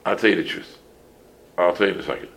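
A man in his sixties, a rabbi giving a casual halacha class full of stories, talking in an animated way with many restarts and Yiddish phrases. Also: sits low, fast, low-quality recording.

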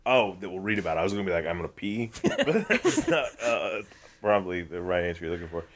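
A man's voice: sits low, big pitch swings, quick pace, slight background noise. A man co-hosting a podcast, riffing playfully in casual comedic chat and swearing freely. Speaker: podcast co-host.

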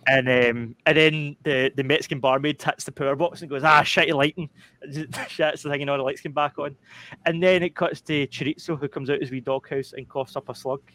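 A young man on a gaming podcast, telling a long story in a rambling, animated way with lots of fillers and restarts. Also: medium pitch, a little fast. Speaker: podcast panelist. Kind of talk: casual chat.

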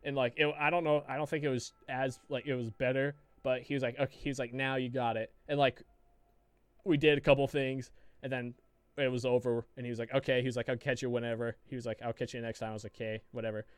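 Smooth-voiced man telling a rambling story. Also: mid-range voice, flat delivery, quick pace, dry recording. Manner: rambling, profane storytelling with many restarts. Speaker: podcast co-host. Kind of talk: casual podcast chat.

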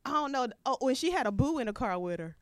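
A woman's voice: high voice, expressive, fast, no room sound, studio quality. A woman co-hosting a podcast, chatting casually, swearing and laughing easily. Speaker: podcast co-host. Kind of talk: casual chat.

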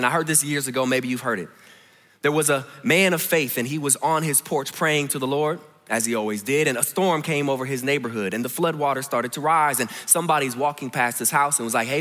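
A man preaching a sermon, telling a story and moving between hushed and emphatic delivery. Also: on the high side, big-room sound. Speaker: pastor. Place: large church hall.

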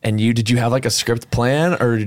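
A man's voice: medium pitch, no room sound, clean studio sound. A man hosting a podcast, interviewing a guest in a playful, jokey way. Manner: playful, jokey, quick follow-ups. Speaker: podcast host.

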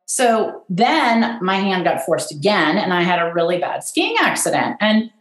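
A middle-aged woman, a guest who runs an event business, telling her story in a candid, self-deprecating and animated way. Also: mid-range voice, measured pace. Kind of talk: personal storytelling in conversation. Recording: roomy echo.

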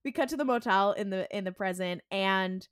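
A woman co-hosting a podcast, recapping an episode in a casual, animated way, full of fillers and acted-out lines. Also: a little fast, smooth, no room sound, studio quality. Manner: animated retelling with many fillers; acts out the characters' lines with sudden jumps in pitch. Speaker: podcast co-host.

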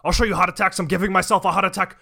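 A man's voice: high-pitched, steady tone, rapid-fire, pushed and bright, voice pushed up, exaggerated voice. A man doing an impression of a cranky old male politician who barks orders at people. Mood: gruff yelling. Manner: gruff, barking orders.

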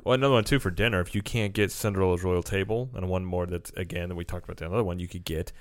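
A man's voice: sits low, very fast, dry recording. A man co-hosting a casual chat full of theme park tips, rambling with fillers. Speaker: co-host.

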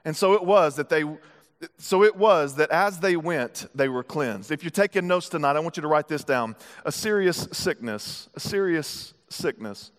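A man's voice: on the high side, moderate pace, in a large hall. A man from the United States preaching a sermon as pastor, casual, with joking asides.

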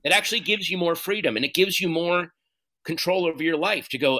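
A man being interviewed, speaking candidly and earnestly in halting bursts, with frequent restarts and some swearing. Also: on the high side. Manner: earnest, halting, profane, animated retelling. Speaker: guest.

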